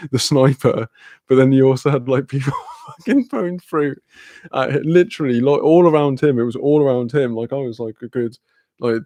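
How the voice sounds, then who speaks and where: A man's voice: mid-range voice, warm tone, dry recording. A young man, casually telling a rambling story with lots of fillers, laughter and swearing. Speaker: streamer.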